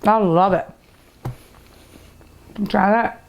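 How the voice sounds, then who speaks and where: Slow, gushing woman tasting food. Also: mid-range voice, steady tone, gravelly, highs cut off, slight background noise. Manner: savoring and gushing, with many drawn-out hums of delight. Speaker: cooking show host. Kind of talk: tasting food on a cooking show.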